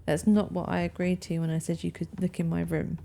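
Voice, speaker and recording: A woman's voice: fairly low pitch, level tone, a little fast, creaky, dark tone, a little hiss or hum. A woman reading as a prickly, defensive older woman contestant in a murder mystery game, speaking curtly and with indignation. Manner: curt, indignant.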